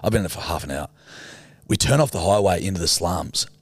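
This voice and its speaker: A young Australian man with a fairly low voice tells a story in casual podcast chat. He is animated and sweary as he talks. The sound is close and dry. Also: fast, husky, dry recording. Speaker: podcast co-host.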